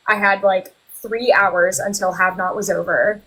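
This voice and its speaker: A young woman guest on a casual live chat, recounting stories with animated energy. Her voice has a soft, breathy edge. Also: mid-range voice, measured pace, rough recording. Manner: animated storyteller, laughs often.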